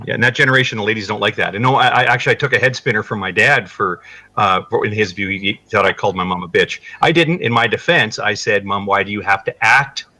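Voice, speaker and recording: Fast-talking bright-voiced man, lowish pitch. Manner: fast rambling storyteller, swears freely. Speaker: guest on a live chat stream. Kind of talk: casual chat.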